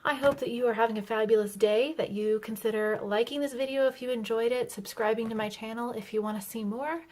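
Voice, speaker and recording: A woman's voice: fairly high pitch, fairly even intonation, a little fast, a little mellow. A young woman talking casually to camera as a planner vlogger, chatty and self-deprecating, hedging often with fillers.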